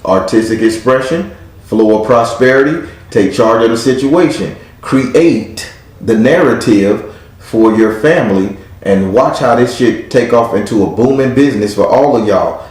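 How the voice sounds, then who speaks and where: A man's voice: medium pitch, moderate pace, darkish tone. Male tarot reader, brash and profane, mid-range voice, very echoey recording. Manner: blunt, profane and hyped up. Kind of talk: live tarot reading. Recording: very echoey room.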